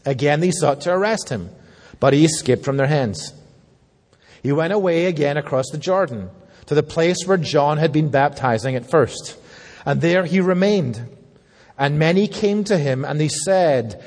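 Husky pastor preaching in a reverberant hall. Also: male voice, fairly high pitch, moderate pace. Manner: animated, playful asides, voices quoted speakers. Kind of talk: sermon with scripture reading and prayer.

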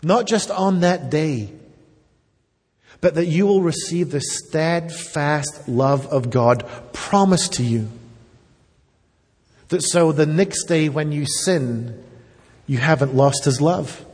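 Husky-voiced man preaching in a reverberant hall. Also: on the high side, slow pace, pauses often, a little mellow. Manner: earnest, emphatic preaching, addresses children directly. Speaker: pastor. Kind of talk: sermon. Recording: long reverb of a church hall.

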